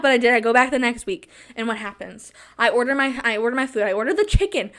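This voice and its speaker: A young woman with a high, light voice talks straight into the mic in a casual monologue. She plays up every moment, repeating her lines for emphasis and breaking into laughter. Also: lively intonation, brisk, few pauses, fairly bright tone. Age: young adult. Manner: dramatic, repeats phrases for emphasis, laughs often. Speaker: podcast host.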